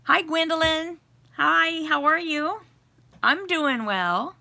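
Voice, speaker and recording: Speaking slowly in a high, creaky voice, a middle-aged woman livestreams from her home with a fireplace. She's giggly and chatty, warmly greeting viewers and reading their comments with frequent laughter.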